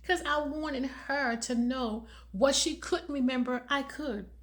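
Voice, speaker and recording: A woman's voice: high voice, takes it slowly. A middle-aged woman talking earnestly to viewers as a caregiver and awareness speaker, repeating phrases for emphasis. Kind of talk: heartfelt personal talk to viewers.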